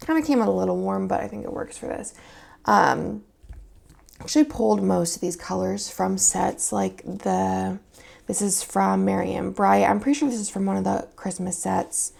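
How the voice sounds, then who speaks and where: A young woman talks through her planner spread in a loose, rambling way, thinking aloud and leaning on fillers. Her voice is deeply gravelly with heavy fry, and its tone sits mellow and soft rather than bright. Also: fairly even intonation, moderate pace. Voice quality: gravelly morning voice. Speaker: planner vlogger and shop owner. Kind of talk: casual craft vlog chat.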